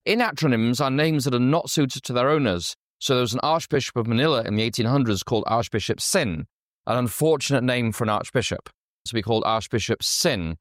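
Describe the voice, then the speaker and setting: Pastor type from Yorkshire, relaxed sermon delivery, poses questions to the audience, dry recording. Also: male voice, medium pitch, fairly quick, no room sound. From Yorkshire, England. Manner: conversational, asks the audience questions.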